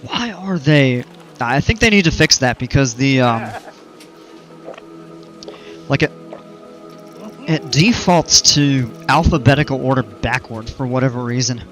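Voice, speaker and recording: A man's voice: mid-range voice, expressive, unhurried, pauses often, fairly bright tone, faint music behind. A man streaming a park-building game, chatting casually with viewers and rambling off on tangents. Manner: rambling, chatty, explains at length. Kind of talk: casual livestream chat while playing.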